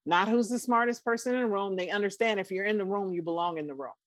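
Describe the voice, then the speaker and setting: A woman's voice: medium pitch, fast, dry recording. A woman co-hosting a casual chat, making her points firmly and asking pointed questions. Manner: emphatic, coaching tone, asks pointed questions.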